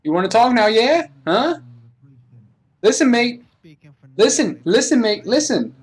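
In an online game role-play, a man plays a police interrogator with a very high-pitched voice that swings widely in pitch, recorded slightly rough. He talks quickly, taunting and repeating himself as he presses for information.

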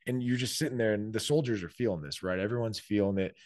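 Low-voiced man in casual interview talk. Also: fast talker, few pauses, no echo. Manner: conversational, many fillers, acts out quoted orders. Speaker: author and army leader, podcast guest.

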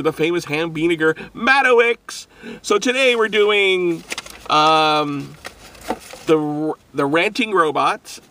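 A man's voice: a little high, vocal fry, sharp tone. A man hosting a casual food review vlog, talking in an upbeat, rambling way and laughing often.

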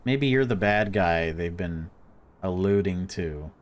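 A man's voice: low-pitched, lively intonation, takes it slowly. A man giving let's-play commentary on a horror game, jumpy and reactive, swearing when startled. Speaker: gaming YouTuber.

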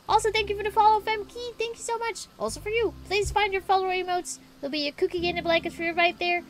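A woman streaming a video game live, chatting and giggling with her viewers in an animated way. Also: very high-pitched, fast, hardly any pauses, soft background music.

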